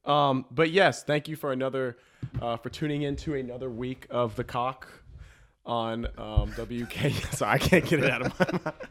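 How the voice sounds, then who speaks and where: A man's voice: mid-range voice, moderate pace, a bit bright. A young man hosting a casual podcast chat, crude and joking, laughing often. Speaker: podcast host.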